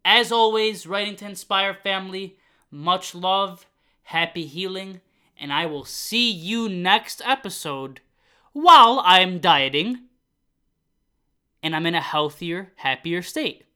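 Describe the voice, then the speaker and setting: A man with a high, bright voice hosts a motivational podcast. He talks earnestly and builds himself up with repeated phrases. At times he turns loud and fired up. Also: a little slow, clean tone. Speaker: podcast host.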